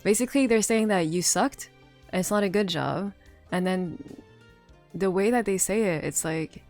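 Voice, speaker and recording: Chatting with viewers at a measured pace, a woman streamer uses a fairly low, slightly mellow voice. She rambles, restarts often, leans on fillers, and laughs frequently, while faint music plays underneath.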